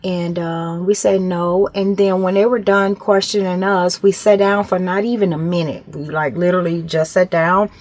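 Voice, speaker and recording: A middle-aged woman vlogger telling a story to camera in a casual, animated way, acting out the other people's voices. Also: lowish voice, moderate pace, hardly any pauses.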